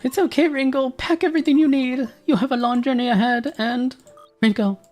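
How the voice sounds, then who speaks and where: Man doing a gentle old grandmother. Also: very high-pitched, fairly even intonation, brisk, soft background music, voice pushed up. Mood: tender. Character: kindly old grandmother who raises the hero. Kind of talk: voicing characters while playing a game.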